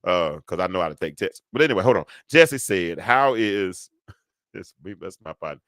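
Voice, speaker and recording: Bright, animated man in his fifties hosting. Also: low voice, moderate pace, no room sound, clean studio sound. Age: 50s. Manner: rambling, animated, talks back to callers and chat. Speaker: show host. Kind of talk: live call-in talk show.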